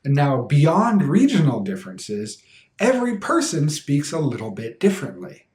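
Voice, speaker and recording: A man's voice: on the high side, sing-song, darkish tone, roomy sound. Western canadian man teaching pronunciation. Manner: clear, deliberate, demonstrates sounds slowly. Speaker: English teacher. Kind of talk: pronunciation lesson.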